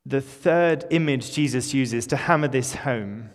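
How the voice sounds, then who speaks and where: A male pastor speaks at a measured pace in a medium-pitched voice, giving a conversational, informal sermon with a few light jokes. The church recording is echoey, with a long reverb tail.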